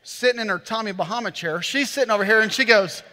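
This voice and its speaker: Pastor, man, 30s, high bright tenor, sermon storyteller, hammy self-mockery, big reverberant hall. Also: quick pace, hardly any pauses, faint music behind. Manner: animated, self-mocking storyteller who acts out voices. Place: church auditorium. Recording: long reverb of a large hall.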